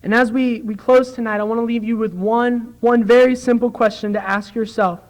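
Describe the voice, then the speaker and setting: A man's voice: very high voice, fairly even intonation, moderate pace, poor audio. A young man giving an earnest sermon-style lesson in a church, acting out quoted dialogue as he speaks. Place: church sanctuary.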